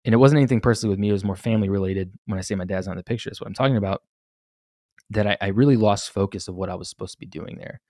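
Talking very fast in a low, slightly mellow voice, this young solo podcast host rambles through his story with candor, profanity, and plenty of restarts. The studio-quality audio has no room sound.

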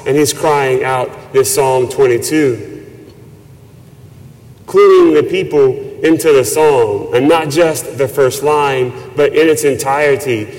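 A man preaching a sermon as a priest, slow and measured with reverent emphasis. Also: medium pitch, a little mellow. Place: church. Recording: long church reverb.

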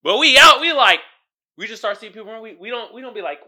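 A man's voice: high voice, very animated, brisk, bright, forceful tone. A man hosting his own podcast, talking casually in slangy commentary and often asking "you feel me.". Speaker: podcast host.

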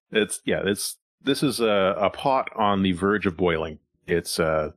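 A very low-voiced man runs a tabletop game, thinking aloud as he narrates and trailing off into fillers. His voice is dry and close, with no room around it. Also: a bit bright, no echo. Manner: rambling, chuckling, thinks aloud with many fillers. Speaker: game master.

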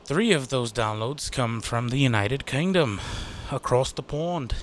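This American man hosts his own podcast and chats solo in a rambling, casual way, cursing freely, poking fun at himself and using plenty of fillers. His medium-pitched voice is animated and a little slow. A faint hiss or hum sits under the recording.

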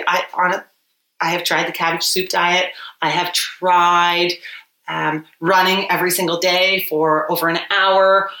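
Woman guest, bright-toned, open personal storyteller, recorded in an echoey room. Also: fairly low pitch. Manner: open and reflective, many "like" fillers. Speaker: podcast guest. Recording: roomy echo.

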